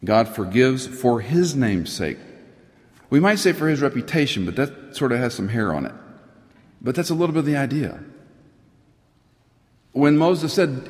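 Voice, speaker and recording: A man's voice: very animated, moderate pace, pauses often, darkish tone. Earnest male preacher in a reverberant hall. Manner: earnest, rises in pitch for emphasis, drops to a near whisper at times. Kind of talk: sermon.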